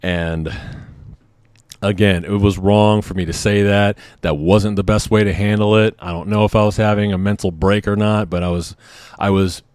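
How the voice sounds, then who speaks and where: A man in his thirties speaks to camera in a personal vlog, his voice sitting a little low. He talks candidly and haltingly, restarting and repeating himself as he goes. The sound is dry and close. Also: steady tone, darkish tone, clear, resonant tone, no echo. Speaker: vlogger.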